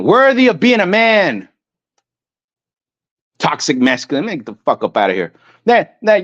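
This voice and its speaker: A man giving a ranting commentary, loud and emphatic, stumbling over repeated words as he reads definitions aloud. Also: on the high side, no echo. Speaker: online commentator. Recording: dull lo-fi dry sound.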